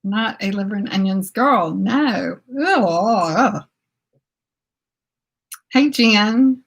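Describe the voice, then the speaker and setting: With a breathy edge and medium pitch, she draws out her words and uses lively intonation. The Southern beauty channel host in her fifties giggles frequently, exclaims "oh my goodness" again and again, and answers viewers' comments in a laid-back livestream chat.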